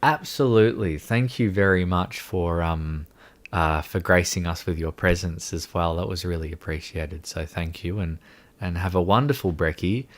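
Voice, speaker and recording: A man's voice: low voice, normal speed. A young man hosting a casual livestream chat, rambling and mocking himself with frequent laughter. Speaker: livestream host.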